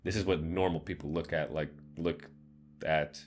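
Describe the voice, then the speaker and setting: A man's voice: extremely low pitch, steady tone, normal speed. A man playing a story game, joking, swearing and reading the lines aloud. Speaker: gamer. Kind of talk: let's play commentary and reading.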